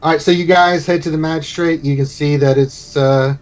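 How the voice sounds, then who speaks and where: A man's voice: fairly high pitch, fairly even intonation, fairly quick, muffled recording. A man narrating as game master of a tabletop game, in a loose, rambling way.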